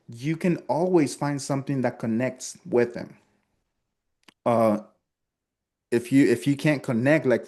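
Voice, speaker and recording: A man's voice: mid-range voice, dark tone. A man whose first language is Spanish, teaching sales technique and acting out friendly phone small talk with frequent restarts. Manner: acts out upbeat customer small talk, restarts often. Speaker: sales trainer. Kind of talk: instructional talk with role-played sales lines.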